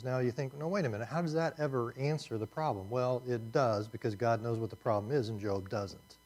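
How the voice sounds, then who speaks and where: A man teaching a class, talking in a conversational and emphatic way, often repeating himself. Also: mid-range voice. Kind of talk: classroom lecture.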